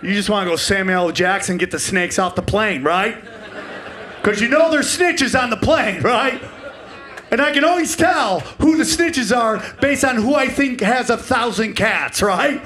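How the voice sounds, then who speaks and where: A man's voice: sits high, a little slow, sharp tone, slight background noise. A man in his forties performing a stand-up comedy set, brash and profane, riffing with the crowd. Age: 40s.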